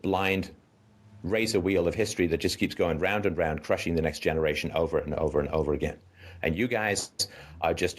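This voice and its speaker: A man hosting a call-in show, giving a caller blunt, profane advice in an emphatic, lecturing way and often asking "right?". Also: on the low side.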